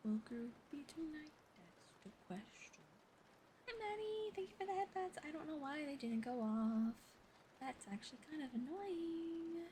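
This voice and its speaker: Whispering young woman streamer, soft and giggly. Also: high voice, animated, a little slow, a little hiss or hum. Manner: chatty, giggly, thanks viewers. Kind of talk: whispered ASMR stream chat.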